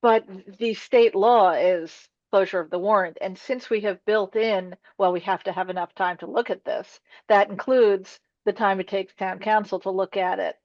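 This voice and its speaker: A woman on a town committee, quick and insistent as she makes her point in a meeting discussion. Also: mid-range voice, steady tone, a little mellow, no room sound, highs cut off. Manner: quick, talks over others to make her point. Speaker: committee member.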